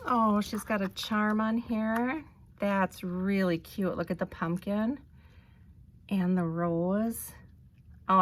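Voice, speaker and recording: A woman vlogger narrating an unboxing, gushing with delight and often pausing with ums. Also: mid-range voice, fairly bright tone, a little hiss or hum. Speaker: crafting vlogger.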